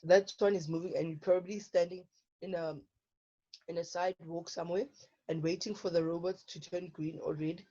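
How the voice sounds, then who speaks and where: Brief: woman, science teacher online, low husky voice, keeps asking "okay?", dull lo-fi audio. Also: fairly even intonation, brisk, mellow. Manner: checks in with frequent "okay?". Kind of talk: online lesson explaining problems.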